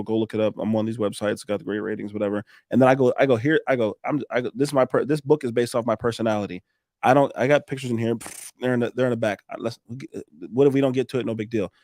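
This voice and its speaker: A man's voice: mid-range voice, steady tone, quick pace, a little mellow, no room sound, studio quality. A man, a roofing contractor telling sales stories in a casual interview, acting out both sides of conversations and swearing freely.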